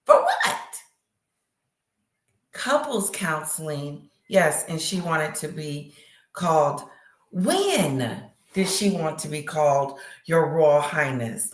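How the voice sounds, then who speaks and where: A woman chats live from her bed late at night, gossiping and exclaiming as her voice swings high and low. She talks at an unhurried pace in a lowish voice, and the sound carries a roomy echo. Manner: animated, laughing, gossipy, exclaiming. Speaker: livestream host. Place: bedroom at night. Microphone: device screen close up.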